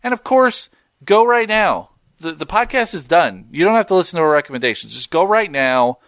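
A man's voice: a little high, fairly quick, no room sound, studio quality. A man co-hosting a podcast, bantering casually and laughing easily. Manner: animated, joking, laughs easily. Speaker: podcast co-host.

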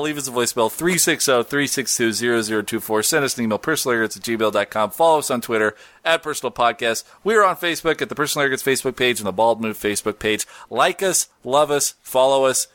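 A man's voice: mid-range voice, a bit bright, no echo. A man hosting a casual podcast, joking, laughing often and reading out listener posts and plugs. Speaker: podcast host.

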